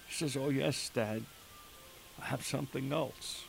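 Older male storyteller, slow earnest testimony, gravelly tone. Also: medium pitch. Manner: slow, earnest, emotional retelling with quoted dialogue. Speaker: father telling his story. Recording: faint hiss behind the voice.

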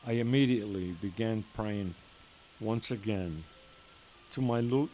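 An older man slowly telling his own emotional story as a father, in an earnest way with quoted dialogue. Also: lowish voice, warm tone. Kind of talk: personal testimony storytelling. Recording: faint hiss behind the voice.

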